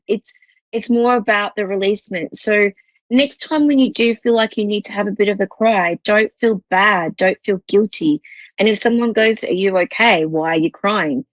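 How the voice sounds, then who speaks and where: A woman's voice: mid-range voice, no echo, lo-fi sound. An Australian woman hosting a psychic call-in show, with a voice that sits in the middle of the range. She rambles reassuringly and often restarts her sentences. The sound is dry and close to the mic. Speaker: psychic medium host.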